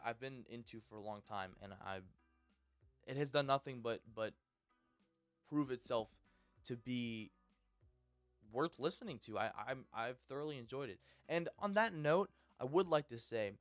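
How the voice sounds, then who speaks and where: A young man in his twenties rants casually to his channel at a middle pitch, rambling and excitable, often restarting his sentences. The recording is dry and close. Faint music sits underneath. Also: normal speed, clean tone, no echo. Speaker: channel host. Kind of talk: casual ranting vlog.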